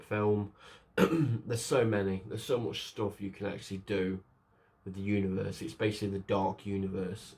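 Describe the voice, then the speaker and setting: A man giving a casual spoken film review, rambling with fillers and restarts and acting out characters' lines as he retells the plot. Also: on the low side. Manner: rambling, lots of fillers and restarts, acts out quotes.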